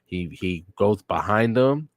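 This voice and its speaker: Young guy with a lowish voice narrating manga panels, lots of 'and then he's like', dry close sound. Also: lively intonation, slow pace, no echo. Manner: incredulous, joking asides. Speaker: host reading a manga aloud for the first time. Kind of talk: casual play-by-play retelling.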